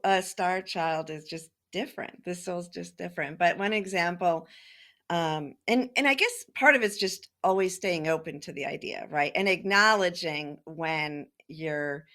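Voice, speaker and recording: A woman life coach as a guest, answering in casual conversation, laughing easily and pausing with fillers. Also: lowish voice, fairly bright tone.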